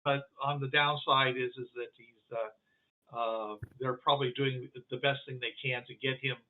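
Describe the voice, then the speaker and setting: A man playing an apologetic, reassuring military captain who talks haltingly with many filler sounds. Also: medium pitch, flat delivery, natural voice. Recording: thin phone-like line.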